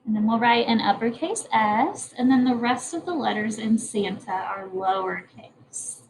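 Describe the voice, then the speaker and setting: A woman's voice: a little high, lively intonation, moderate pace, a little hiss or hum, low-quality recording. A woman teacher leading a morning message lesson for young children, speaking in a patient, encouraging way. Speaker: kindergarten teacher.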